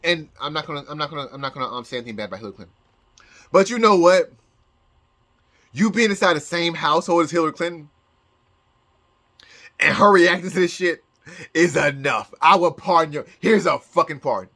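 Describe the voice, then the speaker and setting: A man's voice: a little high, a little fast, long pauses, pushed and bright. A man talking in a casual vlog as a psychic, rambling with many restarts and bursts of laughter. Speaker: psychic YouTuber.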